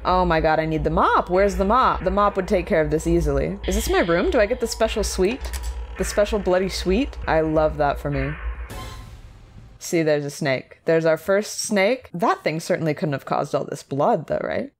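A young woman chats playfully and sarcastically while playing horror games, her voice sitting a little low. A faint bed of music plays underneath. The delivery stays casual and quick-witted. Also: expressive. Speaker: horror game streamer. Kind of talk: casual gaming commentary.

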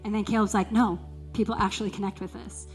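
A woman speaking in a mid-range voice, tearful and emotional as she opens up about a personal struggle. Soft music plays faintly behind her throughout. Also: medium pitch, steady tone, quick pace. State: crying. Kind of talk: sermon testimony.

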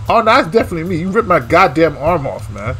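A man's voice: on the high side, sing-song, fast, faint music behind. Foul-mouthed man trash-talking a game. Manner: profane trash talk, shouting. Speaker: gamer playing the grandson. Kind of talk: casual gaming banter.

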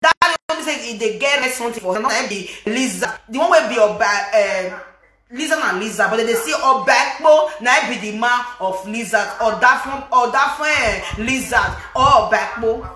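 High, bright Nigerian Pidgin woman vlogger. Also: normal speed, echoey room. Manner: animated and scolding, mixing Pidgin with a local language. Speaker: gossip vlogger. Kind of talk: casual commentary on gossip.

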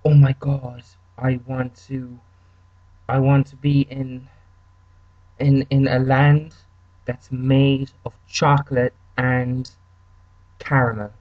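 A man's voice: medium pitch, level tone, slow, long pauses, no echo, muffled recording, close to an everyday voice. A man voicing a castaway who gushes about his wishes and piles up one demand after another. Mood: gushing. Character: wish-crazed castaway man, greedy and giddy.

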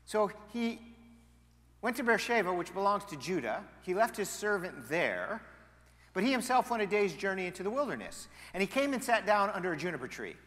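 A male pastor preaching a sermon, animated, moving between loud emphasis and quiet asides. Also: high-pitched, a little fast, in a large hall. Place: church sanctuary.

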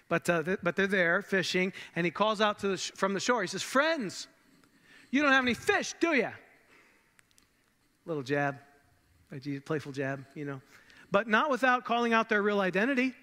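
A pastor delivers his sermon in a high, bright voice, leaning on dramatic pauses and sinking soft and low for the key words. He drops in casual asides along the way, and a long reverb trails his voice through the large hall. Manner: conversational asides.

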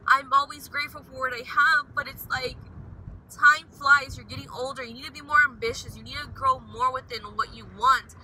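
A woman's voice: high voice, fairly even intonation, fairly quick, pushed and bright, a little hiss or hum, poor audio. A young woman vlogging casually from her car, talking emotionally and rambling, swinging between upbeat and frustrated. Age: young adult. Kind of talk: casual vlog while driving.

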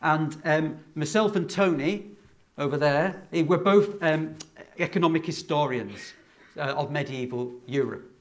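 Middle-aged guy lecturing a hall full of kids, bit high-pitched, lots of ums and restarts. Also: measured pace. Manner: chatty, with many fillers and restarts. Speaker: university lecturer. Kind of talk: children's public lecture. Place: lecture hall with a live audience.

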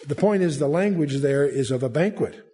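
A man's voice: a little high, animated, moderate pace, dark tone. A man teaching a verse-by-verse Bible study, reading scripture aloud and then explaining it in a conversational way with frequent restarts.

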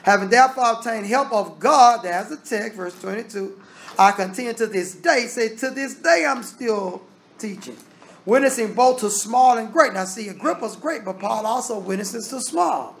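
A man's voice: high voice, lively intonation, normal speed, gravelly, a bit bright. A man teaching a Bible study. He reads scripture aloud and explains it in plain, casual talk. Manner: casual Southern American grammar.

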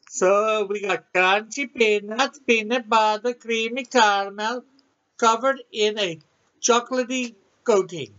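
A man's voice: sits high, a little slow, fairly bright tone, clear, resonant tone, muffled recording. A man reviewing a snack in a casual vlog, chatting easily and talking with his mouth full. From Canada. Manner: chatty, eats while talking.

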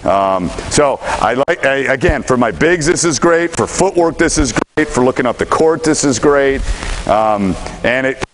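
Male hoops coach, mid pitch, brisk and instructive, faint gym noise behind. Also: lively intonation, low-quality recording. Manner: instructive, brisk commands mixed with explanation. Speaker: basketball coach. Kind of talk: coaching players at a live gym drill. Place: gym during practice.

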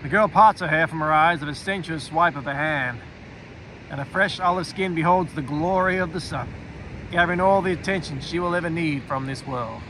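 Narrating a fantasy audiobook in the first person, this man speaks briskly at a fairly high pitch and tells the story expressively. He softens to a quiet aside whenever the narrator thinks inwardly, and there's background noise.

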